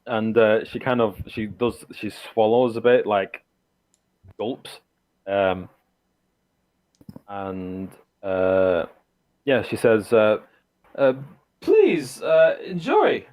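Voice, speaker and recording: Low-voiced man narrating a tabletop game. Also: steady tone, darkish tone, low-quality recording. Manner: halting, full of fillers and restarts. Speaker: game master.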